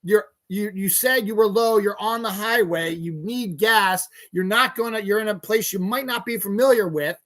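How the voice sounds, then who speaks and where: A man hosting a solo podcast, ranting angrily with heavy swearing and sudden bursts of yelling. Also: sits high, moderate pace, few pauses. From Eastern United States. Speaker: podcast host. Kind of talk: solo rant.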